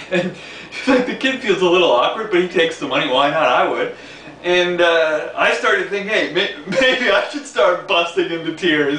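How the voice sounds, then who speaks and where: A high-pitched, fairly bright male voice belongs to a New York City-area vlogger telling a rambling story in a casual way, repeating words and laughing. He's recorded distant from the mic in an echoey room, with faint hiss.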